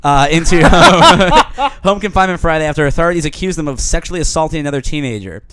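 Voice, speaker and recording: A man's voice: on the high side, sing-song, quick pace, a bit bright, slight background noise. A man co-hosting a casual, crude podcast, reading news stories aloud and laughing through them while he rambles. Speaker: podcast co-host. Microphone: studio microphone.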